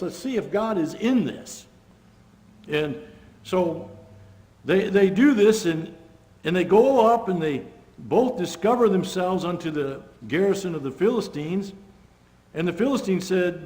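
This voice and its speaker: A man preaching a sermon, telling the story with lively character voices and casual conversational asides. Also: a little high. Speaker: pastor. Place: church sanctuary. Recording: long church-hall reverb.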